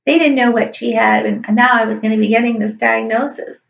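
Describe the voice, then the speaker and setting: A woman's voice: fairly high pitch, steady tone, fairly quick, vocal fry. Earnest, emotional middle-aged woman storyteller. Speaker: high school teacher. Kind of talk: personal storytelling. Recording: echoey room, distant dull mic.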